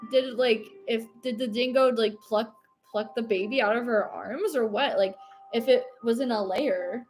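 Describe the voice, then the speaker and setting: A woman's voice: a little high, moderate pace, darkish tone, faint music behind. An American woman in her late twenties, chatting casually and giggling on a livestream while she paints and answers her chat. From United States. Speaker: streamer.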